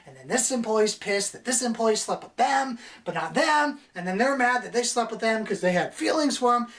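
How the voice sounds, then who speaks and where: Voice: mid-range voice, expressive, moderate pace, fairly bright tone, far from the mic. A movie reviewer ranting in a vlog, annoyed, blunt and crude.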